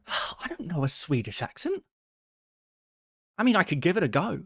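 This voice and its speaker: A man hosting a live stream, chatting casually as he answers viewer questions, self-deprecating and quick to laugh. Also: high voice, huge pitch swings, a bit bright, dry recording, studio quality. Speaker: fantasy football streamer.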